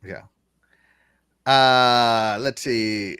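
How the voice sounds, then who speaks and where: A man's voice: a little high, very animated, a little fast, a bit bright, dry recording, clean studio sound. A man with a Southern American accent hosting a casual livestream, reading chat comments aloud and laughing often. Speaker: show host reading chat.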